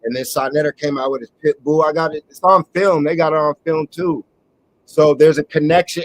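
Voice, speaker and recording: A man's voice: on the high side, steady tone, brisk, low-quality recording. A man hosting a live online talk show, delivering a rambling, emphatic monologue. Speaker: host.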